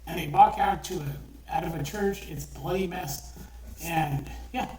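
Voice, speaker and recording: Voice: mid-range voice, measured pace, a little mellow. A speaker casually retelling a short story they wrote, rambling and profane, with many fillers and restarts. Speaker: online storyteller. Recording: roomy, distant mic with faint noise.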